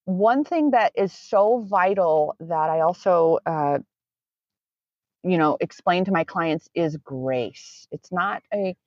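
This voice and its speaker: A woman's voice: on the low side, lively intonation, takes it slowly, a little mellow, no room sound. Meandering woman coach, dull recording. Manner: meandering, self-correcting, earnest. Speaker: coach with clients. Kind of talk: conversational interview. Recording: dull lo-fi sound.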